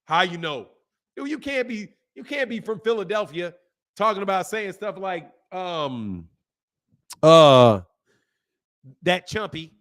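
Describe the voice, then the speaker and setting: A man hosting a boxing channel, talking in a casual, opinionated way, animated and laughing often as he answers his chat. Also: high voice, a little slow.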